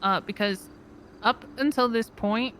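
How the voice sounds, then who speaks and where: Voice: mid-range voice, unhurried, fairly bright tone, slight background noise. Rambling voice in roleplay chat. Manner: rambling storyteller, quotes others, laughs mid-sentence. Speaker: fellow roleplayer.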